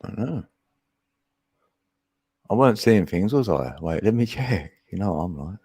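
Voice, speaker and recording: A man's voice: low-pitched, animated, warm tone, husky, no room sound. A man, playful and laughing in casual stream chat. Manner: slow, playful, lots of laughing.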